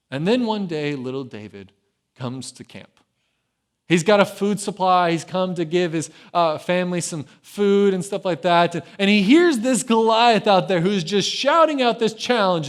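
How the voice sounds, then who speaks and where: High-voiced guy preaching, super casual, keeps going "right?". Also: moderate pace. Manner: conversational, keeps checking in with "right?"; animated, acts out the story's voices. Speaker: pastor. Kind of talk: casual storytelling sermon.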